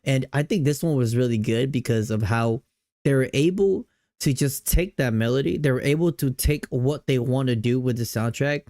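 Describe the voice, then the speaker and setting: A man's voice: mid-range voice, moderate pace, dark tone, no echo, studio quality. A young man streaming, reacting to game music in casual, slangy chat, hyped and repeating himself.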